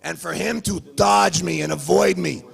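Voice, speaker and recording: A man with a high, heavily gravelly voice fires taunting questions at a rival. His talk is heated and insistent, and it rings out with a long reverb in a large press hall. It comes across husky and rough. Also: normal speed, soft background music. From Canada. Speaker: arm wrestler at a press conference. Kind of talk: confrontational trash talk. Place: press conference venue.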